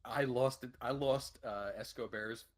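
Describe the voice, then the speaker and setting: A man running a tabletop game, chatting casually and haltingly over a computer voice call. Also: mid-range voice. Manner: halting, self-deprecating, restarts often. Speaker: game master. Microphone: computer mic on voice call.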